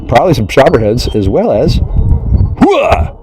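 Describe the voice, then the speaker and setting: A man talking straight to his listeners in a profane, agitated, rambling rant that jumps from one idea to the next and mocks other people in high voices. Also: wildly swooping pitch, normal speed, background noise. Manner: profane, agitated, conspiratorial, jumps between ideas; mocking quoted voices in a high pitch.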